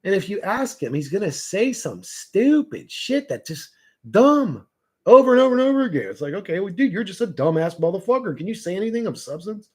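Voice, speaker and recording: A man's voice: high voice, big pitch swings, a little fast, darkish tone, husky. A man hosting a live stream, ranting profanely and mockingly to his chat, laughing often. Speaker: livestream host reading chat. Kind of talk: casual rant to a live chat.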